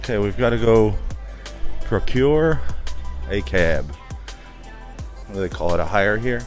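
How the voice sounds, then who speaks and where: Male travel vlogger, slow easy pace, narrating his walk into a handheld camera. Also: on the low side, animated, music in the background. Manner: chatty, narrating what he sees as he walks. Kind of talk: casual vlog commentary while walking.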